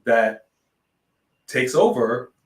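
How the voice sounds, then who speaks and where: A man co-hosting a casual wrestling chat, animated, riffing and joking. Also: medium pitch, drawn-out words, far from the mic. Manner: animated, sings jokingly, reads in a newscaster voice. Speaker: podcast co-host. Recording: echoey room, off-mic.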